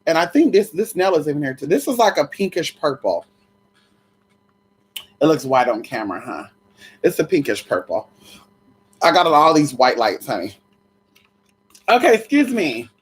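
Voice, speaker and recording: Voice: medium pitch, sing-song, moderate pace, pauses often, slightly rough. A livestream host in casual live chat, sassy and chatty, greeting viewers one by one and swearing freely.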